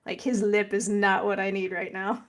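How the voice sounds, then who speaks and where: A woman's voice: medium pitch, flat delivery, normal speed. A woman playing in a tabletop role-playing game, talking bluntly and casually. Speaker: player.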